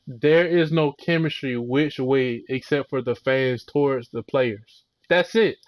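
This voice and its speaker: A man's voice: medium pitch, measured pace. A young man giving a heated, rambling and profane recap of a football game. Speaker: sports fan video creator.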